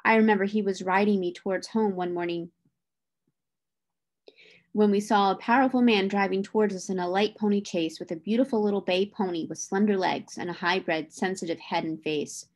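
A woman reading a classic novel aloud in a measured storytelling manner. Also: mid-range voice, fairly even intonation. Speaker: reader.

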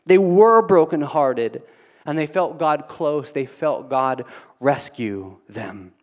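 Earnest preacher man, swinging soft to loud. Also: fairly high pitch, expressive, takes it slowly. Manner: earnest, repeats words, swings from quiet to emphatic. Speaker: pastor. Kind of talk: sermon.

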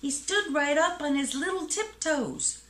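A woman reading a children's picture book aloud in an expressive, sing-song rhyming way. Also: sits high, measured pace. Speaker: storybook reader. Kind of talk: children's storybook read-aloud. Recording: echoey room.

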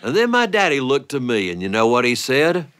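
A man performing a playful family story for listeners, animated and often breaking into laughter. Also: mid-range voice, brisk, heavy background noise.

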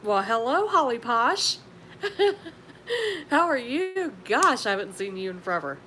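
A woman's voice: big pitch swings, moderate pace. A woman, chatting casually on a live stream and greeting viewers with affectionate pet names. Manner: chatty, affectionate, calls viewers honey and sweetie. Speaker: live-stream beauty vlogger. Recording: noisy with low rumble.

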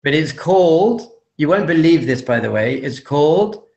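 A man's voice: fairly high pitch, lively intonation, a little mellow. Man giving a jokey, emphatic talk. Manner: jokey, emphatic repetition, teasing pauses. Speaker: guest speaker, rabbi. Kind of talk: humorous talk to an audience.

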